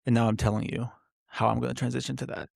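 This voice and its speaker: A man's voice: mid-range voice, flat delivery, quick pace, gravelly, no echo, studio quality. A young man hosting a solo podcast, rambling and interrupting himself with lots of fillers. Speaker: podcast host.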